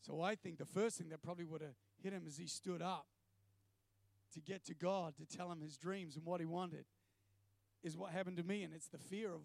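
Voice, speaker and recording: Animated preacher with a gravelly high voice. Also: male voice, brisk, dry recording. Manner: animated storytelling, acting out prayers and crying out. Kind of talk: sermon.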